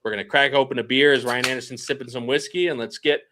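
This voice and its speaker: A man hosting a casual racing podcast, chatty and quick to laugh as he reads out the live chat. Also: medium pitch, fairly even intonation, a bit bright, a little hiss or hum. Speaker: podcast host.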